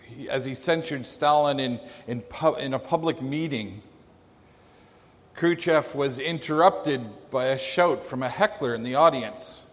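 Man preaching real slow, dramatic storyteller, big hall echo. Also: mid-range voice. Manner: dramatic storyteller with emphatic pauses. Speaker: pastor. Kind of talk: sermon. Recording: long reverb of a large hall.

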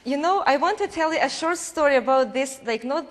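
A Ukrainian woman from Ukraine speaking to a church congregation, telling lively stories, laughing and acting out voices as she goes. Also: high-pitched, fairly quick, big-room sound, background noise. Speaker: guest speaker at a church, interpreting for her husband. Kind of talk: storytelling testimony to a congregation.

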